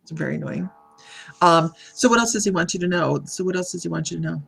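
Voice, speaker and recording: A woman doing a live psychic reading, speaking in a halting, meandering way and greeting viewers by name as she reads their comments. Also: fairly low pitch, creaky, fairly bright tone, husky, soft background music. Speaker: psychic medium.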